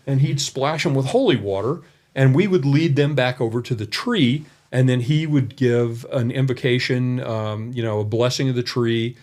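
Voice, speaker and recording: A man's voice: medium pitch, normal speed, darkish tone. A man who is a guest on a podcast, telling a long, folksy story full of asides from an indoor room. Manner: rambling and folksy, with many asides. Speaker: college development director, podcast guest. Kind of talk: anecdotal storytelling in a conversation.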